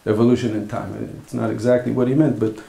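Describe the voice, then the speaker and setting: At an academic workshop, a man gives a philosophy lecture as a conference talk in a middle-pitched, level voice that's creaky and dark in tone. He speaks haltingly and thoughtfully, pausing often as he develops his points, and the lecture hall adds a roomy echo.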